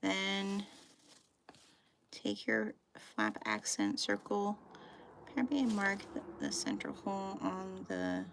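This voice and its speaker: A woman's voice: medium pitch, big pitch swings, slow, creaky, long pauses, slight background noise. A woman hosting a live sewing tutorial, chatting casually with lots of fillers and thinking aloud as she works. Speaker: sewing teacher hosting a live sew-along.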